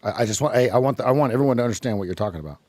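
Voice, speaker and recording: A man hosting a live trading stream, giving joking, quick market commentary. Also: mid-range voice, animated, a little mellow, no echo, clean studio sound.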